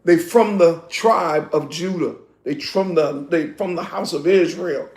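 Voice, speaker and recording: A man preaching a sermon in a loud, emphatic, laughing way, with slangy street talk, in an echoey room. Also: fairly high pitch, measured pace.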